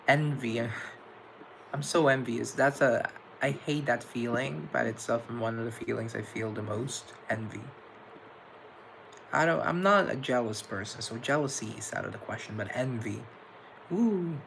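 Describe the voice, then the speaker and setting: A man's voice: medium pitch, creaky, a bit bright, a little hiss or hum, poor audio. A young man hosting a live stream, casually chatting with viewers and answering their comments in a playful, campy way. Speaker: livestream host.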